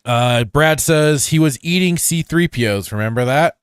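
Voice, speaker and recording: A man's voice: a little high, expressive, normal speed, clean tone, no room sound. A man hosting a casual podcast, reading out chat messages and chatting loosely with many restarts and fillers. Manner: rambling, with frequent restarts and fillers, laughs often.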